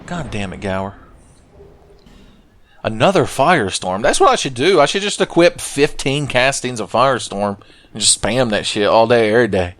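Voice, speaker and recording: A man rambles through a casual let's play, joking and swearing as he goes. His delivery is lively, with pitch that swings widely. The voice sits at an ordinary middle pitch for a man. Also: moderate pace. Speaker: gaming channel host.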